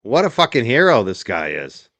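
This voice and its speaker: A man's voice: medium pitch, wildly swooping pitch, moderate pace, fairly bright tone, no room sound. A man commentating on clips with a profane, mocking and sarcastic tone. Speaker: live-stream commentator.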